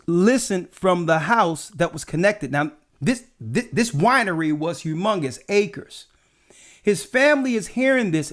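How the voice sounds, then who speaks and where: A man with a fairly high voice tells stories from his travels in an easygoing chat. He is a church elder who keeps checking in with his listener with "right?" as he goes. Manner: animated anecdotes with frequent "right?" asides. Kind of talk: casual storytelling chat.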